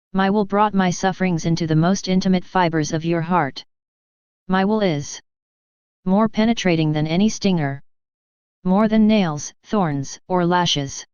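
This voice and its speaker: A woman's voice: fairly low pitch, a little mellow, smooth, no room sound, natural voice. Jesus, tender and solemn, read by a woman. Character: gentle loving male divine speaker, Jesus. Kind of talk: devotional reading. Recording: dull lo-fi dry recording.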